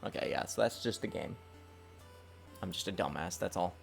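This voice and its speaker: A man streaming his game development work, talking to himself in a lively, self-mocking way. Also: deep voice, normal speed, vocal fry, soft background music. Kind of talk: casual livestream dev commentary.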